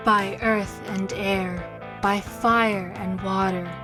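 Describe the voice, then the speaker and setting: An actress voicing a calm, devout young witch who chants incantations slowly in an audio drama. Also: medium pitch, over music. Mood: chanting.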